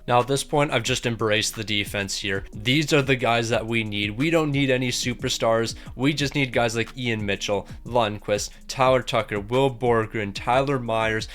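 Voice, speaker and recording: A young man casually commentating a hockey video game, joking and talking straight to the players. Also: medium pitch. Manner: energetic, joking, talks to the players directly. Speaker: gaming YouTuber.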